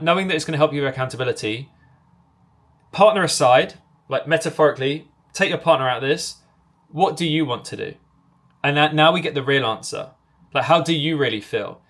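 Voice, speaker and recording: A man teaching sales technique in a direct, commanding way, voicing both the seller and the customer as he walks through a call. His voice sits a little higher than most men's. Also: fairly bright tone. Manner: acts out both sides of sales calls in quick back-and-forth. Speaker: sales coach. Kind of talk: instructional talk to camera.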